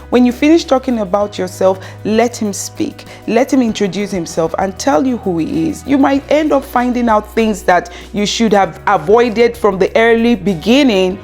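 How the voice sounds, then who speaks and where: Woman in her 30s talking dating advice, chatty, lots of you know and like, soft music under it. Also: on the high side. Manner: chatty, acts out quoted dialogue, frequent fillers and laughs. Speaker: relationship advice vlogger. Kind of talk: casual advice monologue to camera.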